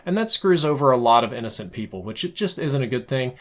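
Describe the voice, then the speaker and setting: A man's voice: mid-range voice, expressive, fast, fairly bright tone. A man giving opinionated, conversational gaming commentary, ranting casually with frequent restarts. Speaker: gaming YouTuber. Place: home setup, in America.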